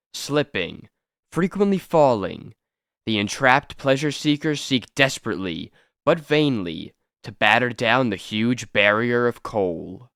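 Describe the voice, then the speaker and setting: A man's voice: medium pitch, a bit bright, dry recording, studio quality. A man narrating a comic book aloud with dramatic storytelling delivery. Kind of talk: scripted narration.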